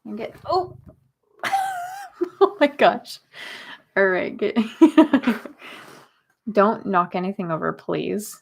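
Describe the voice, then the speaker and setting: A woman's voice: medium pitch, sing-song, drawn-out words, vocal fry, pauses often, slightly rough. A young woman hosting a casual livestream chat, talking to her viewers and cooing at her cat. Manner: chatty, talks baby talk to her cat. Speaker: livestream host.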